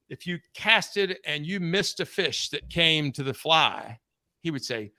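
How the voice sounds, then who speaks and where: A man guesting on a podcast, telling a story in a blunt, animated way and swearing freely. His voice is slightly high. The sound is dry and close. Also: moderate pace, no echo. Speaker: podcast guest, sales coach. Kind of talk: casual storytelling interview.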